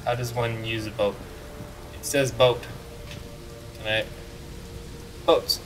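A man giving casual, excitable commentary while playing a video game, joking and talking back to the game. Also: medium pitch, takes it slowly, pauses often, distant mic, a little hiss or hum. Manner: excitable, jokey, talks to the game. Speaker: let's play gamer.

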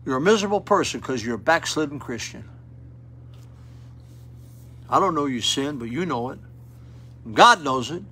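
A man's voice: medium pitch, animated, moderate pace, long pauses, sharp tone, breathy edge. An older man preaching a sermon at a rescue mission, plain-spoken and folksy with fervent appeals, in an auditorium.

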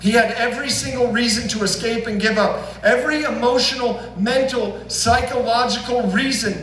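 In a church sanctuary, a pastor with a very high-pitched, fairly bright voice preaches earnestly and emphatically at a moderate pace, putting pointed questions to the congregation. The recording sounds roomy and distant, with a faint hum.

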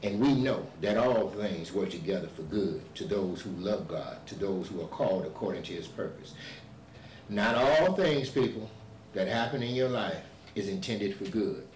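A male pastor preaching a sermon, building to shouted emphasis and repeating himself to drive points home. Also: on the low side, moderate pace, slight background noise. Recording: echoey church hall, voice from far off.

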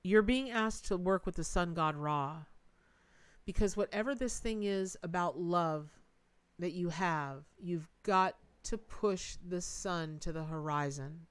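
A middle-aged livestream host reads tarot in a lowish, smooth voice at a slow pace, with no room sound. She's chatty and emotive in a folksy way, thanking her donors and dropping "y'all" and "Lordy."

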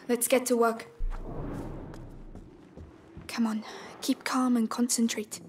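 A woman's voice: a little high, close to an everyday voice. A woman voicing a teenage girl in a video game, a protective older sister who scolds and pleads urgently. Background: loud game music.

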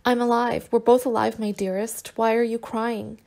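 Woman reader doing a sweet young guy nursing his girl, gentle and teasing, kinda gravelly. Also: fairly high pitch, flat delivery, moderate pace. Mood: tender. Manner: gentle and coaxing, with soft teasing. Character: tender, teasing young man nursing his sick lover.

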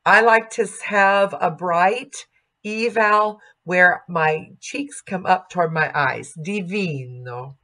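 A woman teaching a music diction lesson, speaking slowly and carefully and modeling sung vowels and words aloud. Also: mid-range voice, pushed and bright.

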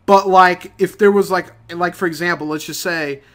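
Young man, high voice, profane rambling rant, mutters then bursts out. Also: steady tone, normal speed, fairly bright tone. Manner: profane, rambling, swings between mutters and outbursts. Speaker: gaming channel host. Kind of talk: casual rant over gameplay.

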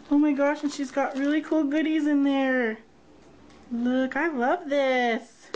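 A woman's voice: high-pitched, takes it slowly, darkish tone, highs cut off. A woman vlogger unboxing a gift box, gushing and gasping with delight. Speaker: craft vlogger. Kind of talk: unboxing vlog.

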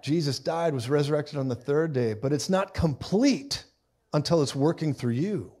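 A man's voice: on the high side, expressive, moderate pace, a little mellow. A man preaching a live sermon in a conversational style, with frequent asides and quoted voices.

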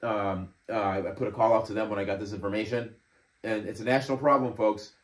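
A man's voice: fairly low pitch, steady tone, fast. A man in his fifties hosting a casual commentary show, reading messages aloud with sarcastic, profane indignation and frequent laughter. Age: 50s. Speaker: host. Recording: roomy echo.

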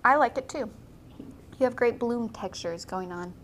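A young woman with a somewhat high voice hosts a live painting stream from an indoor studio. She chats casually and laughs often, reading viewer comments aloud. Faint background noise sits under her voice. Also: moderate pace. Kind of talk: casual chat while painting.

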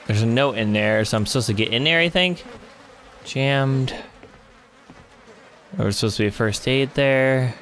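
A young man commenting on a horror game he is playing, excitable and quick to swear, breaking into panicked yelling. His voice sits at an ordinary middle pitch, with a faint noise hum in the background. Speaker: gamer. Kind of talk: let's play commentary.

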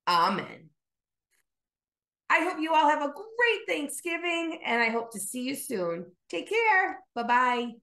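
A woman pastor telling a story in her sermon and leading a prayer, gentle and prayerful. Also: high-pitched, expressive, unhurried, few pauses, reverberant.

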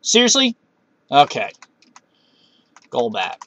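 Animated man narrating his gameplay. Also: medium pitch, slow pace, slight background noise. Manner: talks to himself while playing, cursing at setbacks. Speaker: Let's Play gamer. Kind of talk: casual gameplay commentary.

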